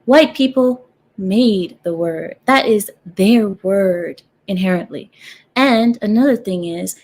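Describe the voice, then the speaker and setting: A woman talks casually to her viewers, reacting and arguing with lively rhetorical questions. Her voice sits a little high and she laughs easily between points. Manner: animated, argues through rhetorical questions, laughs often. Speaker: host of a reaction stream. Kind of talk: casual commentary on clips and chat.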